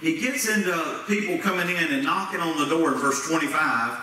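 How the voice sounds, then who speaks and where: This sermon comes from a male pastor whose fairly high voice sounds pushed and bright at a normal pace. Folksy and plain-spoken, he uses Southern-style grammar and asks his congregation questions. It's recorded from afar in an echoey sanctuary with faint noise.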